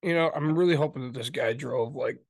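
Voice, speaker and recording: A man's voice: mid-range voice, fairly quick, vocal fry, no echo. A man co-hosting a podcast, telling stories and acting out both sides of a conversation. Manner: storytelling, joking, acts out dialogue. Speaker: podcast co-host. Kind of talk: casual chat.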